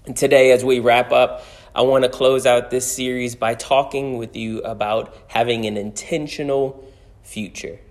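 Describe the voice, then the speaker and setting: A man's voice: mid-range voice, little pitch movement, normal speed. A man preaching a conversational sermon as pastor, telling stories and repeating key phrases for emphasis.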